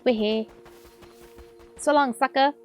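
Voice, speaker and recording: High-voiced young woman streamer, sweary and excitable, light music under her. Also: slow pace. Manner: excitable, swearing, squeals and gasps, chatting with viewers. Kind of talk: casual live gaming commentary.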